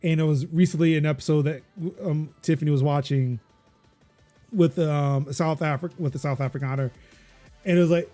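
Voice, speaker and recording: A man's voice: on the high side, fairly even intonation, normal speed, dark tone, faint music behind. A man hosting a casual tech podcast, rambling with many fillers and restarts. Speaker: podcast host.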